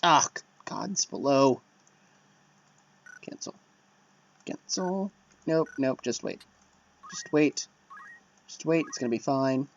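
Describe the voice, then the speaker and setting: A let's play commentator chats casually over a strategy game as he plays, joking at his own expense and often muttering under his breath. His voice is medium in pitch with lively intonation, a slow pace, and a creaky quality, and he pauses often. The dull, lo-fi dry mic picks up slight background noise.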